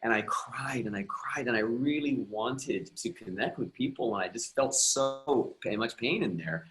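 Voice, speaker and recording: This man, a guest emotional and relationship coach, speaks in a mid-range, slightly bright voice and takes his time. He reflects earnestly on a personal story, restarting sentences often, over a rough recording.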